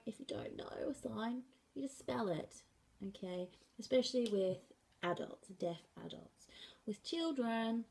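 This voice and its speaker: A woman teaching a sign language class in a slow, patient way, often checking in with "okay". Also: fairly low pitch, creaky, darkish tone. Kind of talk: classroom lesson.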